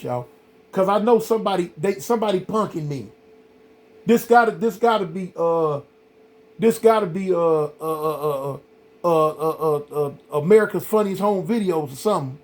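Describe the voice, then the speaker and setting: High-voiced middle-aged man telling a story. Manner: rambling and animated, full of "man" and "y'all". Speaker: vlog host. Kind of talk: casual storytelling to camera.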